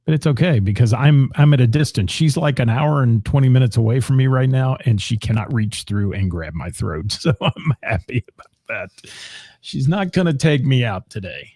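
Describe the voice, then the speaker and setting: A man hosts a relaxed, jokey chat show on local radio, teasing his co-host and reading comments aloud. His voice is mellow and a little husky, recorded dry and close. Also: medium pitch, normal speed, dry recording. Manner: joking, teasing, laughs often. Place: live streamed radio show studio.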